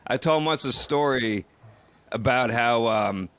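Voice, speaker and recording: A man telling a camping story in casual podcast chat, relaxed and full of fillers. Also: mid-range voice, clean tone, no room sound. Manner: relaxed, filler-heavy, quick asides. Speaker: podcast co-host.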